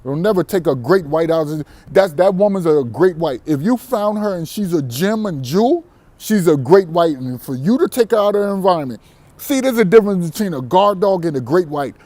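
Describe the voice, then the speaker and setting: A man's voice: high-pitched, lively intonation, a little fast, a little mellow, dry recording. A man vlogging a brash, defiant monologue to camera, boastful and profane, often breaking into laughter. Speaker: vlogger on dating abroad.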